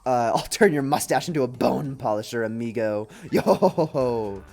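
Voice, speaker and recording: Brief: swaggering video game pirate ghost king, loud and declamatory, read out by a male streamer. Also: mid-range voice, expressive, normal speed, gravelly. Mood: menacing. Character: boastful cold-blooded ghost pirate king villain.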